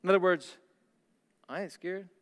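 A male pastor preaching a sermon, swinging between loud declarations and hushed, slow lines. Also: high-pitched, in a large hall.

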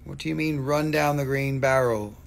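A man hosting a live stream where he sells stones, showing pieces, repeating prices and answering chat in an excitable, casual way. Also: medium pitch, moderate pace, vocal fry.

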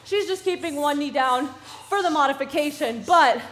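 A woman fitness instructor leading a workout class, energetic and encouraging, calling out counts and moves. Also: high-pitched, normal speed.

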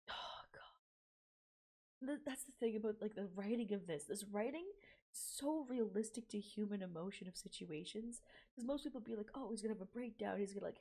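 A woman's voice: mid-range voice, dark tone. A woman giving casual, chatty reaction commentary on an anime episode, slangy and exclamatory.

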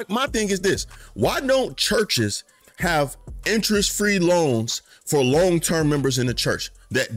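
Male vlogger, late 20s to 30s, fired-up slangy commentary that swings from high outrage to low muttering, dry close sound. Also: dry recording. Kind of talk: casual commentary rant.

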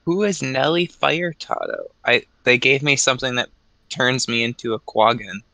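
A man chatting casually as a guest on a gaming stream, halting and stammering, with a laid-back manner. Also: mid-range voice, creaky, sharp tone, no room sound. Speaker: guest co-player. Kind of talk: casual live-stream chat while gaming.

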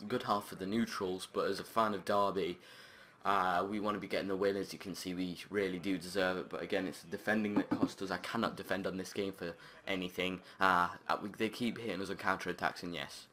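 A man commentating his own football video game match, chatting along and breaking into shouted, sweary outbursts at the play. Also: deep voice, steady tone, brisk. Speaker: gaming channel host.

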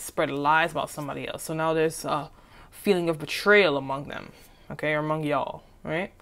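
A woman's voice: low-pitched, a bit bright. A woman doing a casual tarot reading who rambles, repeats herself and keeps asking "okay?". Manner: chatty and informal, with "okay?" checks. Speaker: tarot reader.

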